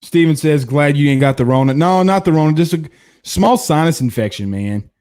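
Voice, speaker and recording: Blunt, higher-pitched man hosting sports talk. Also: expressive, brisk, a little mellow, clean tone. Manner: blunt and opinionated, with frequent restarts and laughs. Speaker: sports talk show host. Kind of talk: live-stream sports talk, reading viewer comments.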